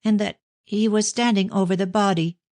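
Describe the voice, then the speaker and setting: A woman's voice: mid-range voice, fairly even intonation, moderate pace, a little mellow, voice pushed up, lightly acted. A woman playing an anxious young woman. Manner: urgent, pleading questions.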